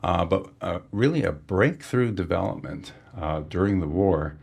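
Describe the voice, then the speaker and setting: A man with a very low, gravelly voice talks through technical history in a relaxed podcast conversation. His tone is husky and a little rough. He pauses often with fillers and restarts his sentences as he explains. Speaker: sonar engineer guest.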